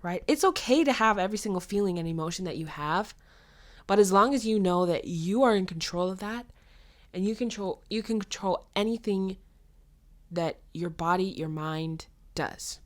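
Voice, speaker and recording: A young woman hosting a casual solo podcast, telling a story and giving blunt, animated advice in which she acts out voices. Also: normal speed. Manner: animated storytelling, acts out quoted voices with big pitch jumps; frank and blunt, with mild swearing. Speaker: podcast host.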